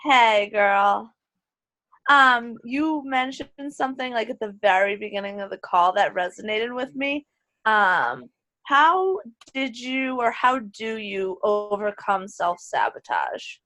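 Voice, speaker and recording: Tentative woman with a bright voice. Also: fairly high pitch, lively intonation, takes it slowly. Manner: friendly, tentative, hesitant. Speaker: participant asking a question on a call. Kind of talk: casual chat.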